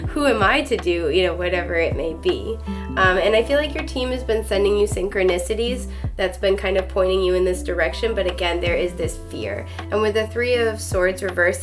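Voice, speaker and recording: Chatty woman doing a tarot reading. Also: mid-range voice. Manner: chatty, filler-heavy, addresses viewer directly. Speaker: tarot reader. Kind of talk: casual spoken tarot reading.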